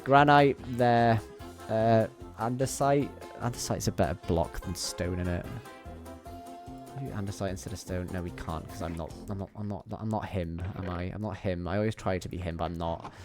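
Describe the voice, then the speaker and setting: A man's voice: sits low, steady tone, moderate pace, darkish tone, soft background music. A young man streaming a game from his bedroom, chatting playfully and rambling to his viewers. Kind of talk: casual chat while gaming. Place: home bedroom.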